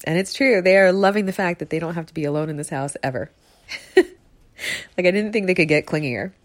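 A woman with a slightly low voice talks casually to her listeners from her bed, close to the mic. She rambles, teases herself, and laughs easily. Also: brisk. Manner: rambling, self-deprecating, laughs often. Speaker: comfort audio creator. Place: bedroom, on her bed with her dogs.

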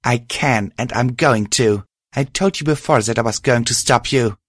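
A man's voice: mid-range voice, normal speed, no room sound, clean studio sound, voice pushed up, natural voice. A man voicing a wounded young female unicorn mare who speaks in a strained, defiant way. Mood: determined.

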